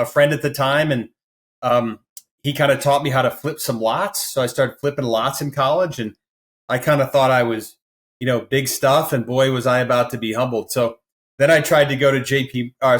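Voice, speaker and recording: Animated male storytelling guest. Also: mid-range voice. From American Midwest. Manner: animated storyteller who acts out quoted voices. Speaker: podcast guest. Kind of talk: storytelling in an interview.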